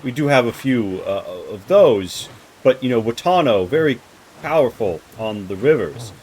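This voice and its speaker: A man's voice: mid-range voice, animated, normal speed, a little mellow, a little hiss or hum, close to an everyday voice. A man playing a cowering baron. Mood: nervous. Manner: stammering, nervous excuses. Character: cowering, flustered male baron making excuses.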